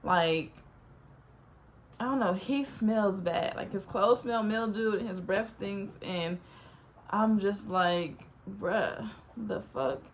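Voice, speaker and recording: A young woman telling a rambling, animated story, filling it with "like.". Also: mid-range voice, slow, a little hiss or hum. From Los Angeles. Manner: rambling, says "like" constantly, animated. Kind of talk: casual storytime.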